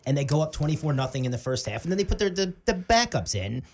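Husky, animated sports co-host. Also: mid-range voice, fast. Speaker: podcast co-host. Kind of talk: casual sports chat.

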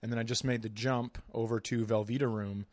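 A man's voice: medium pitch, steady tone, a little fast, a little mellow, no echo. A man talking as a guest on a podcast in easygoing casual chat, sometimes restarting his sentences.

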